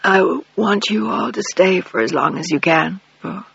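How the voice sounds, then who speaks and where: A mournful old father, his words halting and apologetic, read by a man in his own husky voice. The sound is dull and lo-fi, with no room echo. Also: sits high, bright, forceful tone, exaggerated voice. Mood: sorrowful. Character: older man, a remorseful ailing father. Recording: dull lo-fi dry recording.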